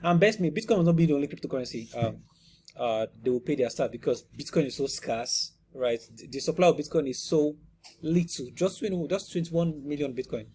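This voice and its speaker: A man with a fairly high-pitched voice gives casual crypto news commentary to his viewers. He talks emphatically and rhetorically, with frequent "you see?" and "right?" checks and plenty of restarts. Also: fairly quick, a little mellow, breathy edge. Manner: emphatic, with restarts and repeated words.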